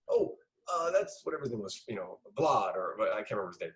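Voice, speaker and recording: A middle-aged man, a film director being interviewed, telling lively anecdotes and acting out the dialogue he quotes. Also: fairly low pitch, fast, low-quality recording. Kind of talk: casual interview storytelling.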